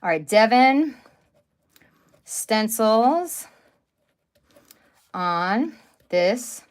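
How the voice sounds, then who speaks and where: A woman's voice: on the high side, animated, drawn-out words, clean tone. Chatty middle-aged woman host. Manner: chatty, rambling, exclaims over items. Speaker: craft channel host. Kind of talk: casual live-stream chat.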